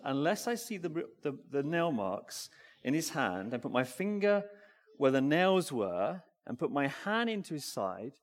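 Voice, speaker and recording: A man giving a family-friendly sermon, asking the congregation questions and talking back and forth with them in a lively way. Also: mid-range voice. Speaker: preacher. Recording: long hall reverb.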